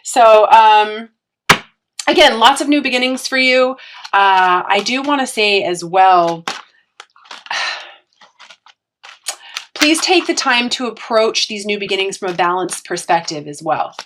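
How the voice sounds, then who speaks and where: A woman's voice: mid-range voice, expressive, slow, pauses often, fairly bright tone, a little hiss or hum. A woman giving a casual, encouraging tarot reading, earnest and full of fillers and restarts. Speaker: tarot reader.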